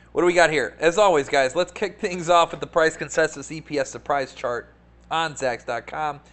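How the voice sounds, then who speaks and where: A man hosting a live market webcast, talking casually with animated, sarcastic rants and a habit of asking "right?". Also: on the high side. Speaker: stock market show host.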